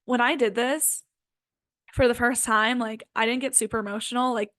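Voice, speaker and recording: Speaking at normal speed with a steady, fairly bright and high-pitched tone, this twenty-something spiritual healing coach delivers a sincere, laid-back self-help talk. Fillers like "like" and "um" come up constantly, and the recording has no echo.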